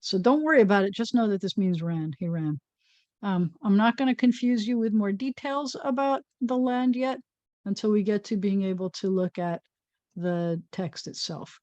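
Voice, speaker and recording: A woman's voice: medium pitch, moderate pace, a little mellow, no room sound, dull audio. A woman rabbi giving an informal Hebrew reading lesson, patiently sounding out letters and syllables with a playful touch.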